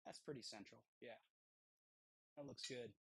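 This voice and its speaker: A blacksmith hosts a live stream from his smithy, casually rambling and thinking aloud while working on a blade, halting with pauses and fillers between tasks. His medium-pitched voice is creaky, husky and sharp in tone. The low-quality audio, taken through a wireless transmitter mic, has no echo.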